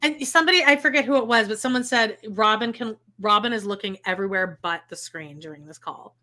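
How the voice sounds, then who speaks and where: Woman co-host, bright voice, chatty and giggly. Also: mid-range voice, quick pace. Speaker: podcast co-host. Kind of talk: casual watch-along chat.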